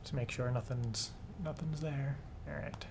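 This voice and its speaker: A man's voice: medium pitch, measured pace, background noise. A young man hosting a live stream, talking casually and nervously, swearing and laughing often. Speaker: live show host.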